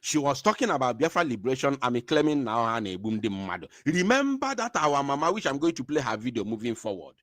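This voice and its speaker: Emphatic male commentator, slightly high voice, very animated delivery. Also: no room sound, clean studio sound. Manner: fiery, emphatic, mixes Igbo and English. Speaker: political commentator. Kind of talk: impassioned commentary.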